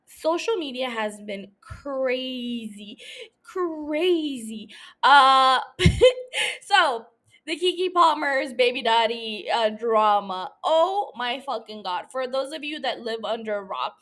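Slow, rambling, swearing young woman podcaster. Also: a little high, a bit bright. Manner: rambling, swearing, self-mocking with frequent laughs. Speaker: podcast host. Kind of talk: casual solo podcast chat.

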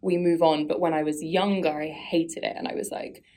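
A woman's voice: sits low, fairly even intonation, moderate pace, warm tone. A woman guest on a podcast, talking candidly and reflectively about her own life in a casual conversational way, often laughing at herself.

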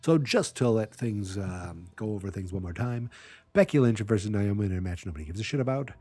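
A man's voice: fairly low pitch, expressive, a little fast, a little mellow, no echo, faint music behind. A man hosting a wrestling show, giving casual, rambling, jokey predictions.

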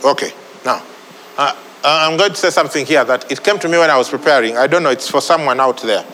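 A man's voice: mid-range voice, fast, pushed and bright, long reverb tail, soft background music, rough recording. A man preaching a sermon, repeating phrases for emphasis. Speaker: pastor.

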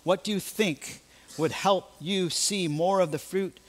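A man's voice: high voice, unhurried. A male pastor with an American accent preaching a sermon, emphatic and full of rhetorical questions.

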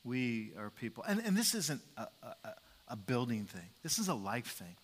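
A man's voice: mid-range voice, sing-song, moderate pace, husky, big-room sound. A male pastor preaching a sermon, emphatic, repeating key phrases for weight.

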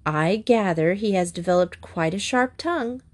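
Give me a woman playing a cheery, calm old lady from a children's storybook. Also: medium pitch, moderate pace, lightly acted. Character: cheery, kindly older woman who cures children.

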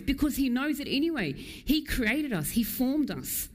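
A woman preacher delivering a sermon in a church, earnest and emphatic, quick in places and slow and low on key lines. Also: sing-song.

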